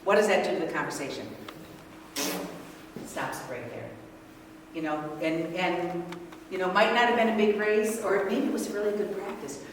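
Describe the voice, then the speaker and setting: A woman's voice: on the low side, normal speed. Older woman speaking far off in a hall. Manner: animated, asks the audience questions. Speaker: speaker leading a parent workshop. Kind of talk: interactive talk to an audience. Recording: echoey hall from far off, noisy.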